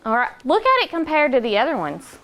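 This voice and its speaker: A woman teaching a classroom phonics lesson, patient and encouraging, slowing down to model words for the children. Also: high voice, wildly swooping pitch, sharp tone.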